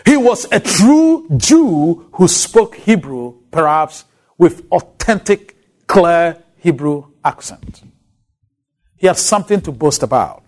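Ghanaian man, high voice, lively swooping pitch, emphatic Bible lecture. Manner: emphatic, drawn-out stresses on key words. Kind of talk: recorded lecture.

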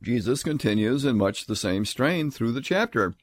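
A man giving a Bible lecture in an earnest way, slowing down and rising sharply on the points he stresses. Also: medium pitch, animated, no echo. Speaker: Bible teacher.

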